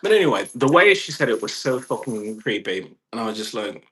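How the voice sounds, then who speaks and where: Brief: male vlogger, mid-pitched voice, profane and insistent monologue with lots of repetition. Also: very animated, a little fast, fairly bright tone. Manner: emphatic, repetitive, heavy swearing.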